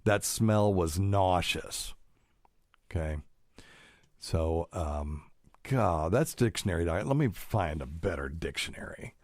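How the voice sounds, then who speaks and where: Middle-aged male podcast host, very low voice, dry close mic, rambling and pedantic. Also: lively intonation, slow, a little mellow, no echo. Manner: rambling, pedantic, many fillers. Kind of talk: casual solo podcast talk.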